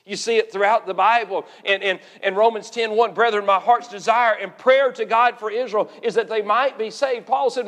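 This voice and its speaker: A man delivers an earnest sermon in a high, bright-pitched voice, stretching out the words he wants to stress. He often repeats words as he builds each point. The sound rings with a long reverb, as in a large hall. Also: fairly even intonation, moderate pace, few pauses. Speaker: pastor.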